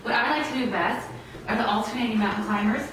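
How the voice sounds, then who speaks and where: A woman's voice: a little high, fairly even intonation, quick pace, fairly bright tone, heavy reverb, recorded from a distance, slight background noise, poor audio. A woman presenting a fitness segment, coaching viewers through exercises in an upbeat instructional way and calling out reps. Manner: upbeat instructional, says "y'all" and "all right?". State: a little out of breath. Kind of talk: demonstrating a workout on a TV show.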